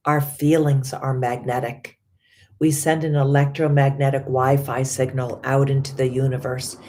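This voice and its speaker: Middle-aged woman coach leading affirmations, very low voice, flat and slow, soothing. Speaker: life coach and yoga teacher. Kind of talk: guided affirmations and breathing.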